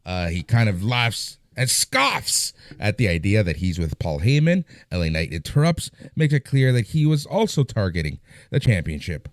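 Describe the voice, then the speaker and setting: A man co-hosting a podcast, chiming in with short remarks and quick recaps. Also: fairly low pitch, very animated, no room sound, clean studio sound. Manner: brief interjections and quick recaps. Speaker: podcast co-host. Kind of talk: casual wrestling chat, recapping.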